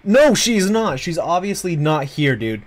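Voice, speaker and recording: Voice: medium pitch, very animated, unhurried, very noisy. A streamer giving casual let's play commentary on a horror game, panicking and swearing and laughing between scares. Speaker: gameplay streamer.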